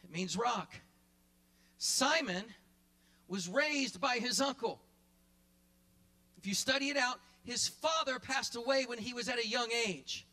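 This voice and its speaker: A male pastor preaching a sermon in church, repeating his phrases and building to shouts, then dropping into quick quiet asides. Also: very high voice. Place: church sanctuary.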